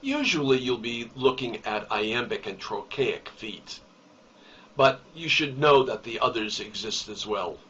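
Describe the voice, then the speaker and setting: A man teaching a recorded poetry lesson, explaining terms slowly and deliberately and stressing key words. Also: medium pitch, lively intonation, sharp tone. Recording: distant, dull lo-fi recording.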